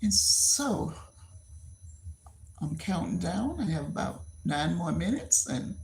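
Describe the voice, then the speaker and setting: A woman's voice: lowish voice, big pitch swings, slow, gravelly, darkish tone. A woman in her seventies talking bluntly to viewers on a casual livestream, often repeating herself. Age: 70s. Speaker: livestream host.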